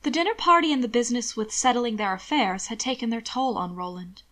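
A woman narrating fan fiction aloud in a soft, steady storytelling manner. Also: a little high, brisk.

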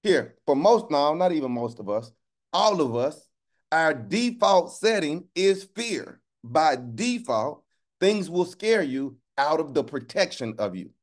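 Call-and-response preacher man, slightly high voice. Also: sing-song. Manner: call-and-response, keeps asking "right?"; colloquial, drawls phrases slowly for emphasis. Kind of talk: sermon.

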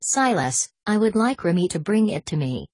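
A woman voicing a calm, commanding older male mastermind with a French accent, speaking in a measured, quietly menacing way in an audiobook reading. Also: medium pitch, slightly rough, no echo, voice pushed up.

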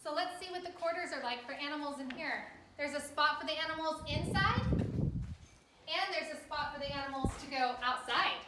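A woman's voice: high-pitched, moderate pace, noisy background. A woman preschool teacher giving a children's lesson outdoors at a farm barn, explaining things cheerfully and simply for kids.

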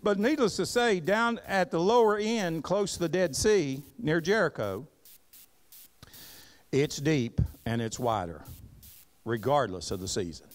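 Male pastor, animated sermon, lively intonation, slightly high voice, folksy asides. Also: measured pace. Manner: animated preaching, reads scripture aloud and asks the congregation to repeat words; folksy Southern-flavored asides. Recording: live church service recording.

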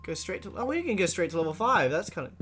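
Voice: mid-range voice, big pitch swings, fast, fairly bright tone, slight background noise. A let's play host giving chatty, exclaiming commentary while playing, talking back to the game's characters. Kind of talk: casual gameplay commentary.

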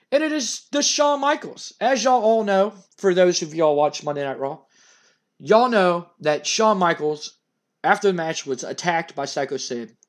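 A young man narrating a game in a loose, rambling way. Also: fairly high pitch. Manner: loose, rambling, recapping with fillers. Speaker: gaming narrator. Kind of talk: casual let's-play narration.

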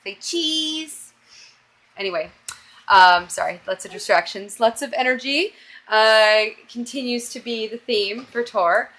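Young woman, mom vlogger at home, doting and chatty, a touch high-pitched. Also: a little slow, fairly bright tone. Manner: chatty and doting, often breaks off to coax her toddler. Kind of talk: casual home vlog. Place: home, with toddler nearby.

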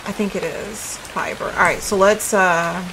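A woman's voice: mid-range voice, steady tone, measured pace, noisy background. A woman giving casual let's-play commentary, chatty and puzzled, thinking aloud to her viewers. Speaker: gaming video creator.

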